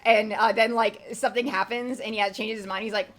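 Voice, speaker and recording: Casual, rambling gameplay commentary comes from a young streamer whose fairly high voice moves fairly quickly with fairly even intonation. She fills it with fillers and casual swearing.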